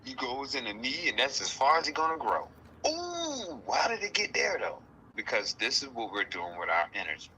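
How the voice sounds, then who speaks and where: A man giving a casual spiritual talk, playful and animated, often acting out other people's voices. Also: mid-range voice, a little fast, a little hiss or hum, poor audio. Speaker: guest speaker.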